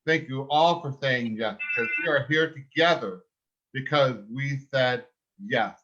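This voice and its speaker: A man's voice: mid-range voice, measured pace, pushed and bright, lo-fi sound, soft background music. A man on a video call giving a casual live update, moved and holding back emotion as he explains things. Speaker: panelist reporting the tally.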